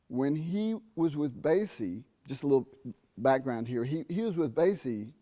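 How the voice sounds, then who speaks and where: Middle-aged guy running a trumpet masterclass, warm relaxed voice, easygoing and talky, hums out rhythms. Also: medium pitch, normal speed. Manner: conversational, quizzes the audience, sings rhythms. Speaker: jazz trumpet teacher. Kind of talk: masterclass talk. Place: university theatre stage.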